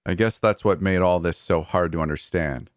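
A man with a very low voice narrates a first-person horror story. His delivery is measured and somber. The recording is dry and close, with no room sound. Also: no echo.

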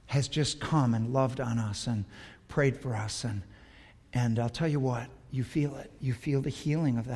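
A man preaching a sermon as pastor, swinging from hushed tenderness to loud fervor, with an altar call in a large church. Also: medium pitch, fairly even intonation, moderate pace, husky. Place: large church sanctuary with a balcony. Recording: long reverb of a large hall with soft music.

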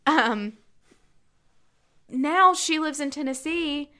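High, bright, giggly woman co-host. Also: slow pace. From Maryland and North Carolina, United States. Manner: giggly, animated, mock-indignant. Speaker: podcast co-host. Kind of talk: casual chat.

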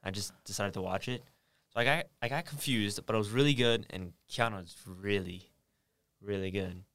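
A young man chatting as a podcast guest, slangy and relaxed, telling stories. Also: on the low side, normal speed. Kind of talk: casual chat.

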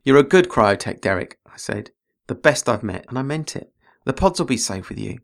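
A man reading his own story aloud, voicing a steady, reasonable male spaceship engineer who calmly placates a shipmate. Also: mid-range voice, normal speed, gravelly. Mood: coaxing. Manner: calm, placating. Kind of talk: author reading own fiction.

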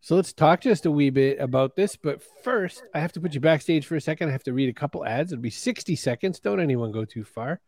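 Male host, slightly high voice, breezy with the ad reads. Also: expressive, brisk, few pauses, darkish tone, no room sound. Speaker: show host. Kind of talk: casual interview hosting with ad reads.

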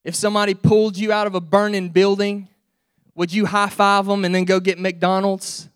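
A man, an assistant pastor, preaching a sermon in an impassioned, shouting preacher's cadence. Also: high voice, level tone, moderate pace, clear, resonant tone.

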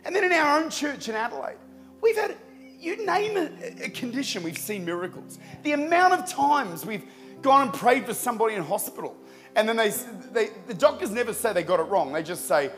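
A man, a pastor preaching a sermon in a church service, telling anecdotes in a lively way and often repeating words. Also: extremely high pitch, fairly quick, faint music behind. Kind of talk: sermon with storytelling.

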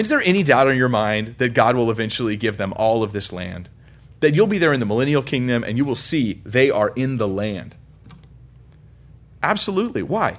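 A male pastor from California delivers an emphatic sermon, swinging between loud, high-pitched stresses and quiet, low lines, with touches of light self-mocking humor.

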